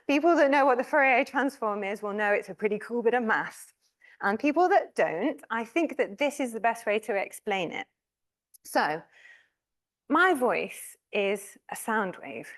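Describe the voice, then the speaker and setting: A woman delivers a university lecture in a loose, conversational way. Her voice is fairly high-pitched, and she talks with an easy, informal manner. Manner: chatty and informal, with laughs and fillers. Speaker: professor giving an inaugural lecture.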